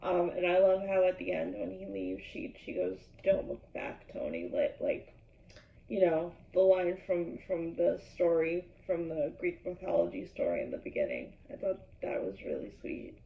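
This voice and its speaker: A gushing woman rambles through her reaction with a gravelly edge to her voice. She sits back from a dull-sounding mic in an echoey room. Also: on the low side, animated, moderate pace, distant mic. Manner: gushing, lots of "like" fillers. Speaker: YouTube host. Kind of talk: episode reaction vlog.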